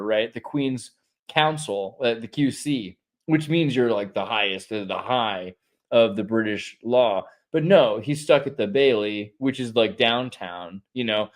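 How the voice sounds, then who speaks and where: A man hosting a show, chatting casually in a rambling, opinionated way, swinging from quiet asides to loud outbursts. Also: mid-range voice. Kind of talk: casual chat.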